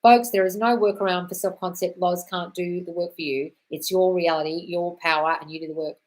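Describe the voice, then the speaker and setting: A woman's voice: on the low side, steady tone, fairly quick. An Australian woman hosting a casual live-stream Q&A, answering viewers' questions bluntly, swearing freely and calling people darling. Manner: reads viewer comments aloud. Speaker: manifestation coach answering live chat questions.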